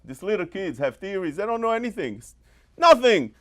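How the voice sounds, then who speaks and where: Animated rabbi with a lively high voice. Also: male voice. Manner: animated preaching, mimics scolding parents, quotes Hebrew rapidly. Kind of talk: sermon.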